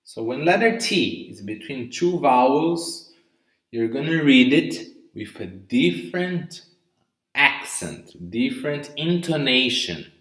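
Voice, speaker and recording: A man's voice: mid-range voice, animated, slow pace, a bit bright, reverberant. A man teaching English vocabulary in a live online lesson, speaking patiently and checking in with "okay?" after nearly every word. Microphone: live stream mic.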